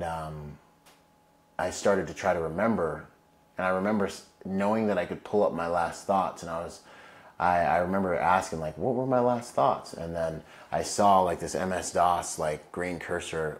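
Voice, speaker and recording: A man who is a Marine veteran, telling his story as an interview guest in a casual, laid-back way, full of slang and fillers. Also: low voice.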